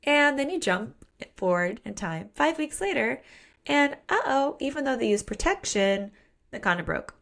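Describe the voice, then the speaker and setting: A woman's voice: high voice, sing-song, moderate pace, gravelly, a bit bright. A woman co-hosting a podcast, casually and playfully recapping a romance novel in a chatty book discussion. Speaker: podcast co-host.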